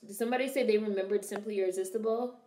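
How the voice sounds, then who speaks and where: A woman's voice: mid-range voice, steady tone, very fast, mellow, echoey room. A young woman casually commenting on a film during a live stream, swearing freely and answering her chat. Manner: chatty, swearing, reads and answers viewer chat.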